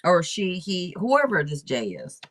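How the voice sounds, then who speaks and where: A woman's voice: fairly low pitch, huge pitch swings, a little slow. A woman hosting a casual livestream tarot reading, talking to viewers in a direct, playful, teasing way. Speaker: tarot reader and livestream host.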